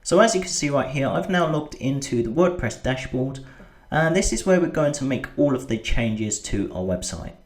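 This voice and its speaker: Man explaining software steps patiently. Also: mid-range voice, animated, normal speed, roomy sound. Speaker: web design tutor. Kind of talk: screen-recorded software tutorial.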